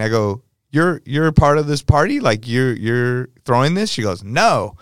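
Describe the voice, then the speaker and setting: A man's voice: medium pitch, very animated, normal speed, hardly any pauses, no room sound, studio quality. A man, a DJ, telling stories in casual podcast chat, acting out quotes from people and swearing casually.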